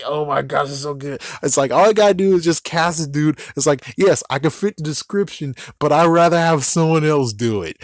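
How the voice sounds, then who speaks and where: Brief: male vlogger, slightly higher voice, loose rambling delivery, swears and laughs, close dry sound. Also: dry recording. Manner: rambling, laughs often, swears, acts out scenes. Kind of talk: casual rambling monologue.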